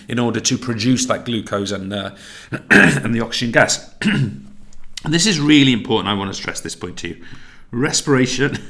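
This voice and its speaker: A man's voice: on the low side, creaky, a bit bright. A man teaching a recorded tutorial lesson, chatty and self-correcting, laughing at his own slips.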